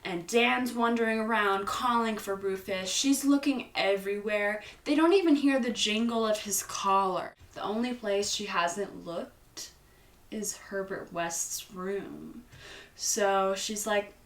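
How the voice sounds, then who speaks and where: A woman's voice: medium pitch, a little slow, reverberant, far from the mic. A young woman hosting a casual movie recap, chatty and playful, acting out the characters' lines. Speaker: host.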